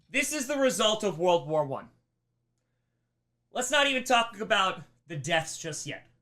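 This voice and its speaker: A young man giving a lively history lesson on a charity livestream, asking rhetorical questions and acting out mock quotes. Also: high voice. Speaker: streamer teaching history. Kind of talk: energetic classroom lecture. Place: streaming room.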